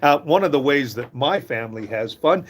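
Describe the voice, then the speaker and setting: An older man from Canada telling warm family anecdotes in a casual, chuckling monologue. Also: mid-range voice, moderate pace. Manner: chuckling, folksy, lively storyteller. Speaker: host of a short inspirational talk.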